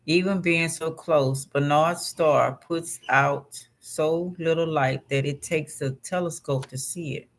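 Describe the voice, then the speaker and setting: A man's voice: on the high side, steady tone, slow, hardly any pauses. A man hosting a vlog, reading astrology text aloud and breaking off into casual, conversational asides. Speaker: vlog host.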